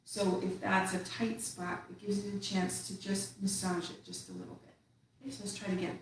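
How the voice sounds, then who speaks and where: A woman teaching a tai chi class, calmly calling out slow movement cues. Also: mid-range voice. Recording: echoey room, far from mic, faint hiss.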